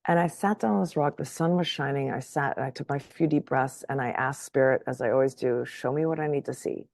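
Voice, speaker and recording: A woman guest telling a personal story in casual conversation, animated, laughing often and checking in with "right?". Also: extremely low pitch, brisk, gravelly, no room sound, studio quality. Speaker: podcast guest.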